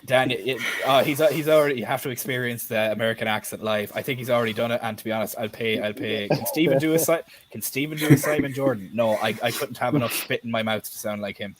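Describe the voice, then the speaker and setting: A man's voice: mid-range voice, quick pace, few pauses, a crowd in the background. A man co-hosting a live stream, chatting bluntly and casually and swearing now and then.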